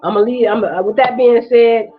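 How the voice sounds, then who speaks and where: A woman's voice: fairly high pitch, a little fast, slightly rough, narrow, tinny audio, soft background music. A woman hosting her own vlog, ranting with raw emotion, profane and repetitive, while holding back tears. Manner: profane, repetitive, impassioned street-talk rant. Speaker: vlog host.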